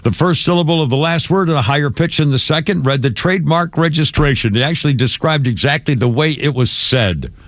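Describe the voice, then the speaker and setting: A man's voice: a little high, a little fast, hardly any pauses, no echo, clean studio sound. A man hosting a morning radio show, talking in a rambling way with restarts and asides. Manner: rambling, restarts and trails off, chuckles. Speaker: radio host. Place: radio studio.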